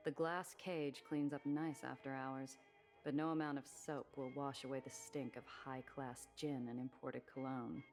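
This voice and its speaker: A woman streamer reading a game's narration while lowering her voice to play a tough woman smuggler. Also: flat delivery, moderate pace, darkish tone, faint music behind. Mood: wry. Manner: reading aloud in a lowered register.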